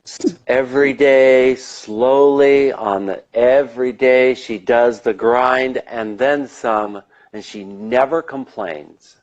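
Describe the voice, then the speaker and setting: A man's voice: mid-range voice, fairly even intonation, slow, few pauses, a little mellow. Rambling, enthusiastic man, muffled audio. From United States. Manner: rambling, enthusiastic, casual swearing. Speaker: interview guest. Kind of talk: casual interview.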